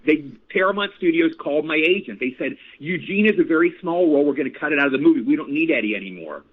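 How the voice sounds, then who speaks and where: Fast-talking man on a tinny phone line. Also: on the high side. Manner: animated, repeats phrases, addresses host by name. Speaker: actor guest. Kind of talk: casual interview storytelling.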